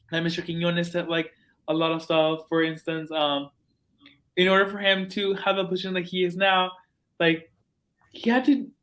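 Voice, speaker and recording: A young man hosting a student podcast, telling stories in an excitable, gushing way. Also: high-pitched. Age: young adult. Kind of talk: casual chat.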